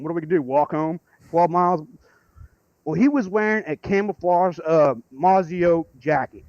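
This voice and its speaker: A man calling in to tell a rambling story, excitable and swearing freely. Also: a little high, no room sound, muffled recording. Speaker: caller. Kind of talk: casual storytelling.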